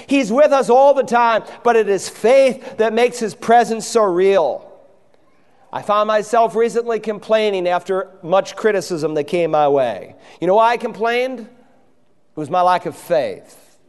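Male pastor, high resonant voice, impassioned sermon delivery, big reverberant church. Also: measured pace, darkish tone, smooth. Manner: impassioned preaching, acting out quoted voices. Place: church sanctuary.

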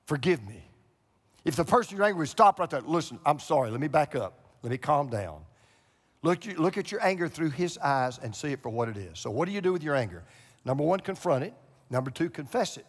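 Male pastor, high and lively delivery, emphatic, repeats points, with a long hall reverb. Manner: emphatic preaching, repeats key phrases. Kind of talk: sermon.

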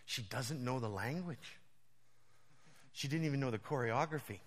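A male pastor preaching a storytelling sermon, animated and often laughing as he tells his stories. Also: mid-range voice, normal speed. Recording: long reverb of a large hall.

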